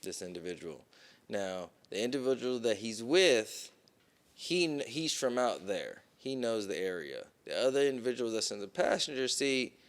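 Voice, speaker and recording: A man on a podcast telling a long story in casual, profane talk, with plenty of "boom" and "right?". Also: expressive, normal speed. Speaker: podcast co-host.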